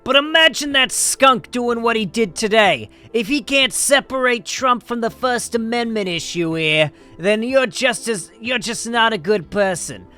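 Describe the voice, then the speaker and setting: A man's voice: extremely high pitch, expressive, clear, resonant tone, faint music behind, voice pushed up, full character voice. A man doing an impression of a ranting older male politician in a shaky, put-on New York accent, drawn out and indignant. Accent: New York, put on and drifting. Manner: loud, drawn-out, wavering fake accent.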